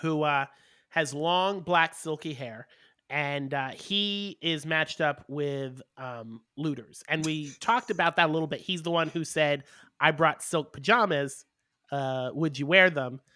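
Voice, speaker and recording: Bright, slightly high male podcast host, dry sound. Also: a little slow, dry recording. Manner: recapping with many ums and uhs. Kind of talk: casual chat.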